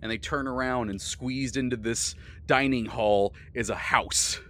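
Animated man recapping a game. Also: mid-range voice, unhurried. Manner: animated, swearing, frequent laughter. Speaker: podcast host and game master.

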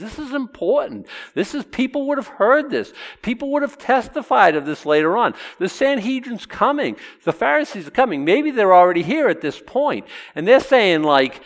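Sitting high and sing-song, a little fast with few pauses, this man's voice carries a chatty, conversational Bible lesson. He asks the audience questions and acts out the quotes he reads.

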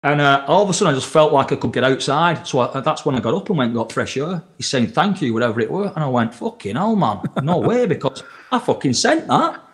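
A man's voice: mid-range voice, quick pace, hardly any pauses. Swearing, rambling man. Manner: rambling, swears freely, animated retelling with voiced quotes. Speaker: podcast guest. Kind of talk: casual storytelling chat.

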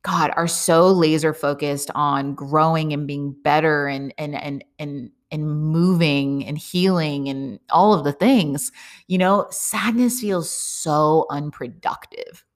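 Low-pitched and slow, this young woman's voice carries a casual personal monologue on her podcast. Living abroad, she talks openly to listeners, wandering from point to point with lots of fillers and swearing.

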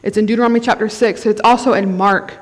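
A woman's voice: mid-range voice, fairly even intonation, fast talker. A woman giving a conversational sermon at a conference, often checking in with the crowd. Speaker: conference speaker. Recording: long hall reverb.

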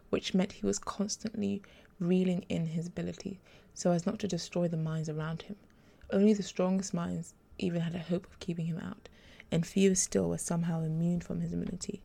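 Woman, audiobook narration, even measured reading, very gravelly, dark mellow tone. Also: fairly low pitch. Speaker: author reading her own story.

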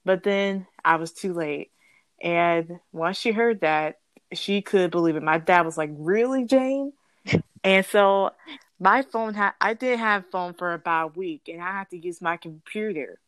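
A young woman with a fairly low voice tells a casual story in a bubbly, rambling way. She corrects herself often and breaks into giggles. The sound is close and dry. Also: measured pace, a bit bright, clean tone, no room sound. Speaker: guest storyteller.

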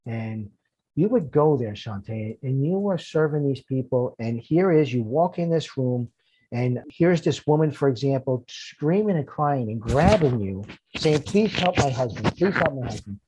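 A man's voice: mid-range voice, lively intonation, a little slow, mellow, a little hiss or hum. A man, a firefighter and podcast guest, telling emotional personal stories earnestly, often repeating words when moved.

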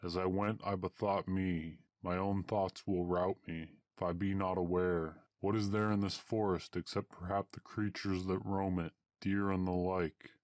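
Man, storybook narration, measured and old-fashioned, deep voice, dry close sound. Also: flat delivery, darkish tone, no echo.

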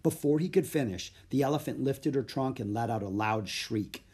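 A man narrating a children's audiobook in a steady, plain storytelling voice. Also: medium pitch, normal speed, breathy edge.

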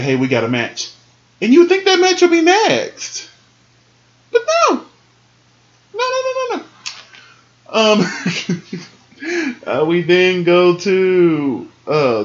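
A man giving a sassy, animated casual recap of a wrestling show, laughing often and jumping into high squeals. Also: lo-fi sound.

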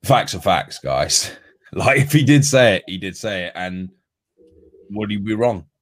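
A man's voice: on the low side, expressive, unhurried. A man co-hosting a casual sports podcast, rambling with lots of ums and restarts. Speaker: podcast co-host.

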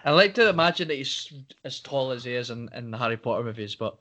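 A man chats loosely on a podcast. He rambles, laughs, and trails off while hunting for names. His pitch sits in the middle. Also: animated, quick pace, pushed and bright. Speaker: podcast co-host. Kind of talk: casual chat.

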